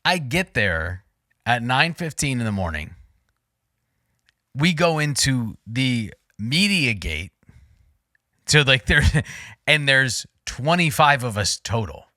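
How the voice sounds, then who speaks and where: This man in his forties has a bright, forceful voice and tells his story loosely, piling up fillers and restarts as his excitement builds. He sounds close and dry, with no room around him, in a relaxed podcast chat. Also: medium pitch, slow, pauses often, no room sound. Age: 40s. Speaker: podcast co-host.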